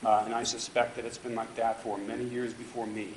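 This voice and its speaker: A man's voice: medium pitch, level tone, fairly quick, slight background noise. A man giving public comment at a city council meeting, pressing pointed objections with emphasis. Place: council chamber. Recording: echoey council chamber.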